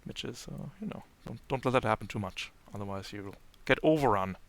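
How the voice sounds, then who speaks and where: A man running an online tabletop game as game master, explaining rules in a relaxed way with filler pauses. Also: medium pitch, vocal fry.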